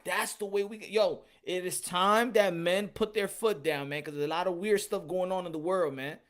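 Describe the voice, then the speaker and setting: Man, podcast host, casual rant, high voice, emphatic, repeats himself. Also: fairly even intonation, normal speed, a bit bright. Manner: emphatic and repetitive, slips into Spanish.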